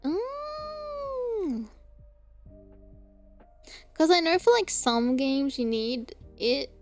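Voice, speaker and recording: High-voiced chatty young woman streamer. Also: lively intonation, unhurried, music in the background. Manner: chatty, laughs often, swears casually. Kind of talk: casual chat.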